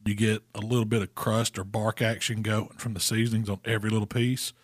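A man's voice: fairly low pitch, level tone, fairly quick, no echo, clean studio sound. Easygoing man talking barbecue. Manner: easygoing, explains cooking step by step. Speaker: barbecue pitmaster co-host. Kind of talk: casual chat.

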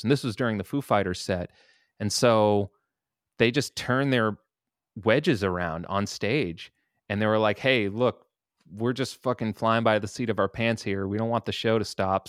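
A musician guest in a casual interview, telling laid-back stories and swearing casually. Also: male voice, fairly low pitch, dry recording, studio quality.

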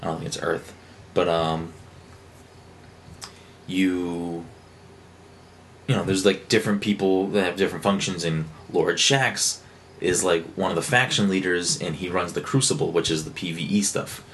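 A man co-hosting a podcast in casual chat, rambling and excitable with lots of fillers and restarts. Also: low-pitched, moderate pace, pauses often. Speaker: podcast co-host. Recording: faint background noise.

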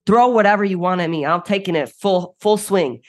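A woman's voice: fairly low pitch, brisk, no echo. A young woman from the United States, a podcast guest talking candidly and emphatically with many filler words. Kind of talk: candid interview talk.

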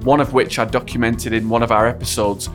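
A man's voice: mid-range voice, level tone, a little fast. A man hosting a podcast, asking questions and reflecting earnestly. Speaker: podcast host. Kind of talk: interview and reflective monologue. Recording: music bed under voice.

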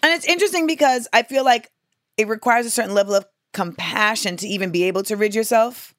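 A woman's voice: on the high side, quick pace, dry recording, studio quality. A woman in her thirties hosting a podcast, talking candidly and expressively in a rambling, casual way. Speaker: podcast host. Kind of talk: casual chat.

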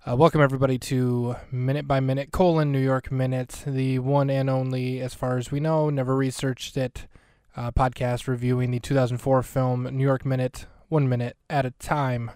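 A man's voice: mid-range voice, little pitch movement, moderate pace, hardly any pauses, dark tone, clear, resonant tone, dry recording, studio quality. A man hosting a casual comedy podcast who recaps a film scene by scene, cracking jokes and rambling as he goes. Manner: joking, rambling, self-interrupting. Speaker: podcast host.

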